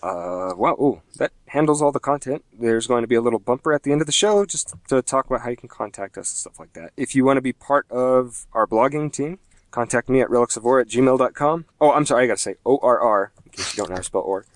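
A man's voice: medium pitch, lively intonation, fast talker, dry recording. A man in his late twenties hosting a casual gaming podcast, rambling and self-deprecating, laughing often. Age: 20s. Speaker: podcast host.

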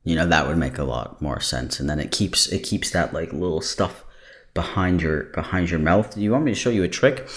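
A man with a very low, deep voice hosts a podcast in loose, casual chat. He sounds tired, and he rambles and jokes, drifting off on tangents. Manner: rambling, joking, easily sidetracked. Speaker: podcast host.

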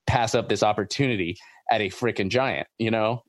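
A man hosting a podcast in casual chat, talking in an excitable, rambling way and repeating himself. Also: on the low side, normal speed, dry recording, studio quality. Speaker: podcast host.

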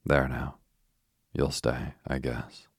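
A man voicing a caring older girl, the eldest sister, gently worried and coaxing. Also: very deep voice, little pitch movement, takes it slowly, slightly rough, no echo, studio quality, exaggerated voice.

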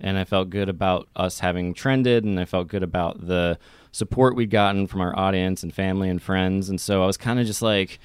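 Smooth low-voiced man, earnest podcast talk. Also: fairly even intonation, brisk, no echo, clean studio sound. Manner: earnest, reflective, loose rambling with fillers. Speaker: podcast co-host. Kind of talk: casual podcast chat.

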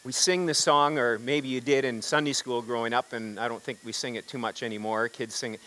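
A man's voice: medium pitch, fairly even intonation, fairly quick, few pauses, bright, forceful tone, poor audio. A man preaching a sermon as pastor, telling a story and drawing the congregation into call-and-response, with frequent restarts and repeated words.

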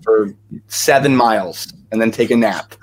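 A man's voice: fairly low pitch, unhurried. A young man, an actor and singer, telling stories as a guest in a casual interview, chatty and full of energy, with lots of fillers.

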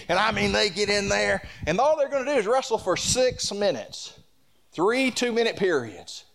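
A male pastor preaching a sermon, building to repeated declarations and telling stories with quoted dialogue. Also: sits high.

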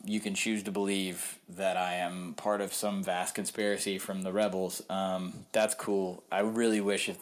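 A man with a very low voice talks through his reporting as a guest on a podcast. He speaks candidly and loosely, stopping and restarting often with plenty of ums, in an easy conversational way. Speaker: sports reporter. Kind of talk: casual podcast interview.

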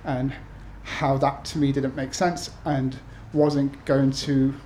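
This British man in his thirties is an author addressing an event audience, full of ums and restarts, before reading his essays aloud. His voice is medium-pitched and slow, with a level, dark tone, and there's slight background noise.

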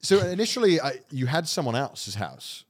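A relaxed man talking through a loose podcast conversation at a middle pitch. His sentences wander and often drop off into a quiet mumble. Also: normal speed. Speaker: podcast host. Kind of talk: casual podcast chat.

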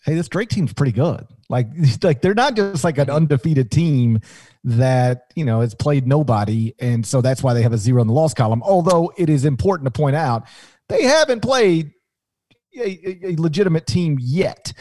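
A man chatting on a podcast, his voice mellow and warm in tone but swinging widely in pitch as he jokes and spins stories. The sound is dry and close, with no room around it. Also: normal speed, no room sound. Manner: animated, jokey storytelling with restarts. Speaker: podcast co-host, sports analyst. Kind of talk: casual podcast banter.

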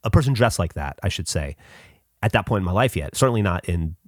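A middle-aged podcast host from the Southern United States tells a personal story in a low, expressive voice, recorded at studio quality with no echo. His delivery is halting and casual, full of fillers, restarts and swearing.

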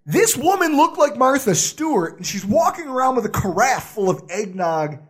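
A man co-hosts a casual sports podcast, ranting and riffing with big energy. His voice sits high and leaps wildly up and down. A husky edge runs through it. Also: moderate pace. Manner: loud, animated, ranting. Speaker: podcast co-host.

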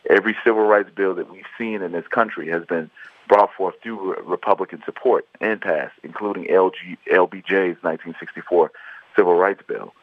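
A man's voice: low voice, no echo. A man from Chicago, a guest author, telling his life story earnestly in an interview. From Chicago, USA. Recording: tinny phone line.

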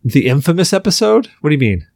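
A man's voice: fairly high pitch, very animated, quick pace, vocal fry, a little mellow, dry recording, studio quality. A man hosting a podcast, chatting casually and telling jokey stories. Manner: loose, joking, storytelling. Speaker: podcast host.

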